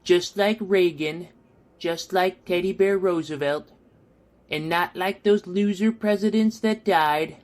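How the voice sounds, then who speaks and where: A man doing a comedic impression of a boastful older male politician in a played voice message, speaking slowly and self-importantly. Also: high voice. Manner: slow, self-aggrandizing speech.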